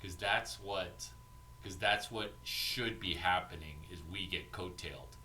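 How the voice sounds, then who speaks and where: A man giving an informal, profane coaching talk as an entrepreneurship mentor, animated and acting out bits of banter. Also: low voice, measured pace, a little hiss or hum.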